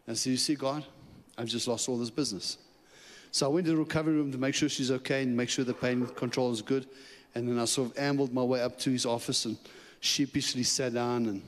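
A man preaching as a guest speaker, telling a personal story with lively, chuckling asides in which he acts out his own thoughts. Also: medium pitch, a little hiss or hum. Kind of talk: sermon storytelling. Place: church sanctuary. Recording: long church hall reverb.

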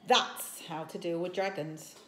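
A woman doing a booming, blustering Viking chief. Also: fairly even intonation, a little slow, reverberant, a little hiss or hum. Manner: loud, booming, flustered.

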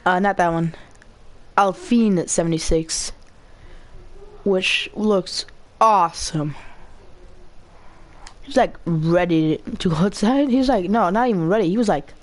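A woman giving casual, rambling commentary while playing a video game, chatty and quick to get excited. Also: on the low side. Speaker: gamer.

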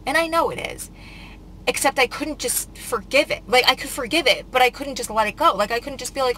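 Woman vlogger, upset, rambling, bright forceful voice, faint background noise. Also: high voice, expressive, a little fast, low-quality recording. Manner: emotional, rambling, many "like" fillers. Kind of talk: casual confessional storytime.

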